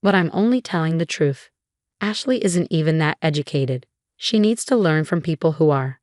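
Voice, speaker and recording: A woman voicing a meddling, scornful older mother-in-law in a storybook reading, with an even, flat delivery. The voice is low-set and the sound is dry. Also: moderate pace, no room sound.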